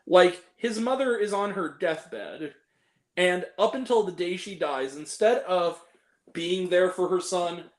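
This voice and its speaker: High-pitched and speaking at a measured pace, a young male host rants and swears freely while picking apart the films he hated in a casual review chat. There's noticeable reverb on the recording.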